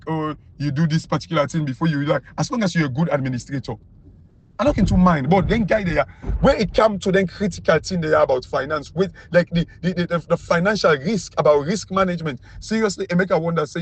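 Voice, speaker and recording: A Sierra Leonean man speaking in Krio-accented English, giving a mocking, emphatic political rant that keeps jumping high when he is incredulous. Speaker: political commentator.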